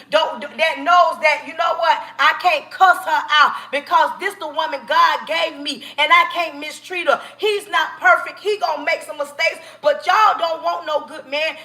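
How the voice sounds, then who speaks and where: A woman's voice: very high voice, bright, forceful tone. A woman hosting a live stream, giving emphatic, preachy relationship advice straight to her viewers.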